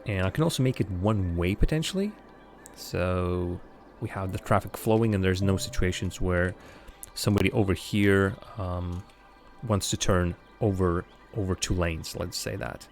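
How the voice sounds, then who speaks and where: A man with a low voice talks at a moderate pace over soft background music while livestreaming a city-building game. His casual commentary is full of fillers as he thinks aloud and jokes about his own mistakes.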